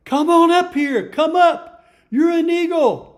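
An older man voicing a proud father eagle who calls out loudly to his lost son in a sermon story. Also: very high-pitched, slow pace, voice pushed up. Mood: calling out. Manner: calling out, loud.

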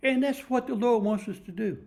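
A man's voice: extremely high pitch, a little fast, vocal fry, darkish tone. A man in his seventies preaching a sermon in a folksy, emphatic storytelling manner, often repeating himself. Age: 70s.

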